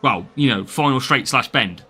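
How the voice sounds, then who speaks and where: A man's voice: medium pitch, lively intonation, normal speed, bright, forceful tone, husky. An English man streaming a mobile racing game live, chatting casually, greeting viewers by name and laughing often. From England. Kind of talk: live gameplay stream, reading chat.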